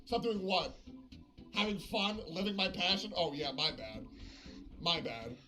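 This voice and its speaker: A man's voice: sits high, a little slow, music in the background. A man chatting on a live game stream, swearing often and slipping into passive-aggressive sarcasm. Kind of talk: casual live-stream chat.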